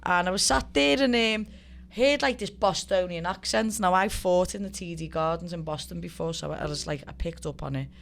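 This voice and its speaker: A woman's voice: lowish voice, normal speed, gravelly. A woman in her thirties with a Liverpool Scouse accent, telling stories in a casual chat as a guest, swearing freely and acting out quotes. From Liverpool, England. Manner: lively storyteller, swears freely, acts out quotes. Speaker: guest, professional fighter.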